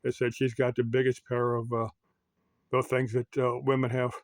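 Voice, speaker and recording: A man's voice: mid-range voice, monotone, moderate pace, dry recording. An American man giving casual, meandering commentary to his channel, full of fillers and restarts. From United States. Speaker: YouTube commentator.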